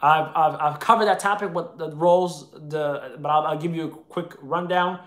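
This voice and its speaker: A man's voice: fairly high pitch, moderate pace, a bit bright, roomy sound. A man hosting a live video chat, answering viewer comments in an opinionated, argumentative way.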